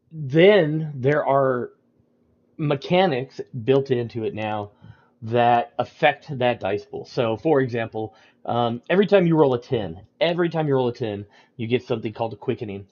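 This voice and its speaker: A man's voice: mid-range voice, muffled recording. Rambling man explaining game rules. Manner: rambling, many ums and restarts. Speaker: storyteller explaining game mechanics. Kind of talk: casual livestream talk.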